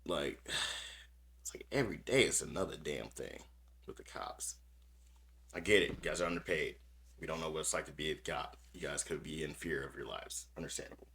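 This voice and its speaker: A man's voice: rumbling low, normal speed, vocal fry, fairly bright tone, a little hiss or hum. A man hosting a podcast, reading news stories aloud with small stumbles and commenting on them bluntly with plenty of cursing. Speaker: podcast host.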